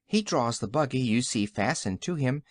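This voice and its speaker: A man's voice: mid-range voice, expressive, moderate pace, dry recording, clean studio sound, natural voice. A man reading as an earnest young girl. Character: young girl, plain-spoken and brave.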